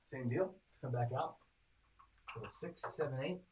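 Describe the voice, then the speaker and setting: Speaking at medium pitch and normal speed with some background noise, this craps strategy host chats casually on his live stream. He reads off every roll, adds up his bets out loud, and addresses his chat viewers directly.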